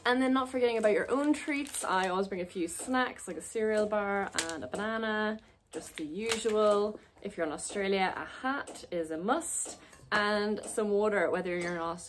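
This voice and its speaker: A woman's voice: medium pitch, normal speed, a little hiss or hum. A young woman from Ireland with an Irish accent, giving a chatty, upbeat vlog walkthrough. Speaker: vlogger.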